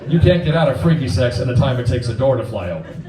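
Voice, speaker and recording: A man's voice: medium pitch, lively intonation, dark tone. Brief: male stand-up comic in his forties, crude and punchy, heard from a distance in a roomy club with a laughing crowd. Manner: crude, punchy, acts out quick voices. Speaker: stand-up comedian. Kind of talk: stand-up comedy set. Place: comedy club stage before a live audience.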